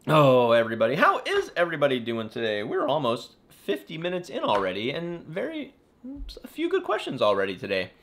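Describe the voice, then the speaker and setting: Chatty, lively-voiced man live-streaming. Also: mid-range voice, fairly quick. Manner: chatty, rambling, self-correcting, apologetic asides. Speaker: aquarium YouTuber answering viewer questions. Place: home in the California desert.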